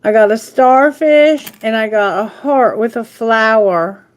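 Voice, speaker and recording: A woman hosting a live tarot stream, talking slowly in a loose, rambling way. Her voice sits a little high and she chats with the viewers warmly and casually. She sounds like she is speaking into a webcam at her desk. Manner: affectionate, rambling, baby talk to pets. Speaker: tarot reader.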